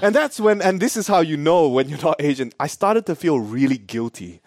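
A young man with an Australian accent preaching a sermon, telling stories in an animated way. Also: on the high side, normal speed, no echo, clean studio sound. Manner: animated storyteller. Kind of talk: story-driven sermon. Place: church.

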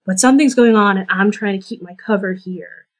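A woman's voice: medium pitch, brisk. A woman running a tabletop game as game master, narrating scenes and talking in her characters' voices. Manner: animated, shifts into characters' voices.

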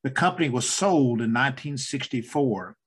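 A middle-aged man hosting an interview podcast, genial and quick to laugh, with some halting restarts. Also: medium pitch, expressive, slightly rough. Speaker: podcast host.

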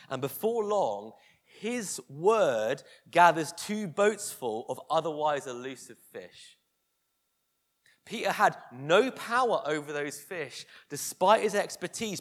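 A man preaching a sermon, telling a scripture story vividly and dropping to a hush for tender moments. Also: fairly high pitch.

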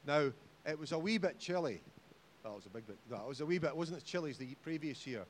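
Animated Scottish preacher. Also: male voice, on the high side, fast talker, slight background noise. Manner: animated, jokey, rising to loud exhortation. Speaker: pastor. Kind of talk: sermon. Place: church hall.

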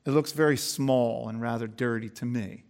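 A preacher putting on a scornful young angel. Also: male voice, mid-range voice, fairly even intonation, normal speed, gravelly, darkish tone, natural voice. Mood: unimpressed. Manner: incredulous, disdainful questioning. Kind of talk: sermon story reading.

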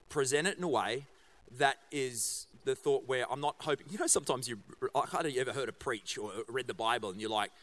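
A man's voice: medium pitch, fairly bright tone. A middle-aged man, a pastor giving a casual sermon in a church, chatty and joking, with many fillers and restarts. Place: church auditorium.

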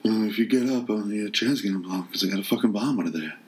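A menacing action-movie tough guy, put on by a man, half-whispering every threat in a lazy southern drawl. The voice sits low and hushed, more sneer than shout. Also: quick pace, natural voice.

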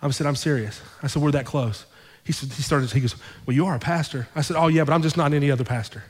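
A male pastor telling a story in his sermon, conversational and animated, repeating his phrases for effect. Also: on the high side, quick pace, big-room sound. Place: church sanctuary.

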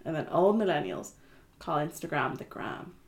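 A woman's voice: deep voice, sing-song, moderate pace. Young woman, podcast co-host, casual chat, giggly, casual swearing. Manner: giggly, swears casually, acts out quotes from scenes. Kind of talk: casual film-discussion chat.

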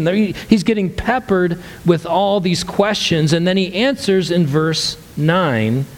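A male pastor preaches with a fairly high voice, telling the story in a loose, lively way and backing up to restart his phrases. A long reverb trails each line, like a church hall. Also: unhurried, few pauses. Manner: conversational, animated storytelling with many restarts. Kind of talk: sermon.

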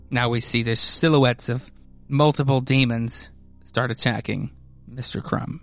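A man's voice: mid-range voice, fairly even intonation, measured pace, gravelly, a bit bright, soft background music. Rambling male comic podcast host. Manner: rambling, loose, many fillers and restarts. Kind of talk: casual comic book podcast narration.

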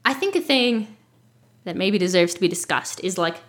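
A woman's voice: on the low side, expressive, normal speed. A woman co-hosting a podcast, chatting casually and with strong opinions about an old film. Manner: casual, opinionated, full of fillers. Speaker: podcast co-host.

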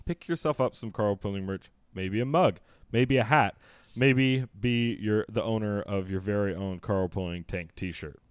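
A man's voice: on the low side, a little slow, smooth, dry recording. A man co-hosting a podcast, riffing in a wry, mock-serious way through casual comedic chat. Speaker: podcast co-host.

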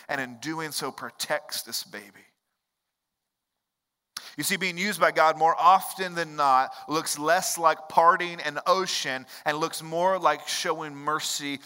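Pastor preaching, bright voice, hall echo. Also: male voice, a little high. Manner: earnest, conversational preaching with storytelling asides. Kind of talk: sermon.

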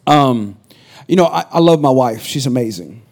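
A middle-aged man preaching a sermon as pastor, a lively storyteller who repeats his punchlines and jokes with the congregation. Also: mid-range voice, normal speed.

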